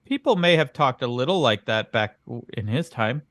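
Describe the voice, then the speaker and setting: A man's voice: medium pitch, expressive, normal speed, fairly bright tone, no room sound, studio quality. A man co-hosting a comedy podcast as the bemused straight man, asking puzzled questions. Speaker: podcast co-host. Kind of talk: improvised comedy chat.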